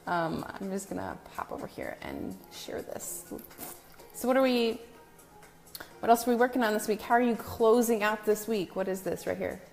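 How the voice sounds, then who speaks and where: A young woman hosts a casual live stream, chatting with her viewers and calling each one by name. Her voice has a gravelly fry, and soft music plays faintly behind her. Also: mid-range voice, very animated, moderate pace. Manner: chatty, greets viewers by name, self-deprecating. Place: new home with a brick wall, indoors.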